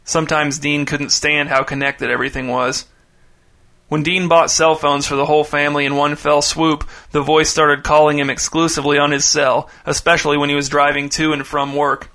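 A man reading a short story aloud in a measured, deadpan way. His voice is bright and slightly high, and his intonation stays flat and even. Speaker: narrator. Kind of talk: scripted short story narration.

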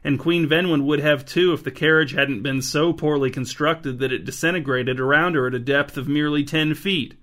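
A man's voice: fairly high pitch, steady tone, moderate pace, hardly any pauses, fairly bright tone, natural voice. A man voicing a mild, earnest young king who sounds plaintive, in a storybook reading.

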